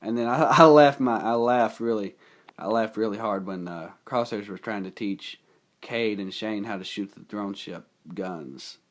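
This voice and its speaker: A man casually recapping a movie plot, rambling and excitable, his voice a bit rough from feeling unwell. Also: lowish voice, a little slow. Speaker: movie reviewer. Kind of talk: casual spoken film recap.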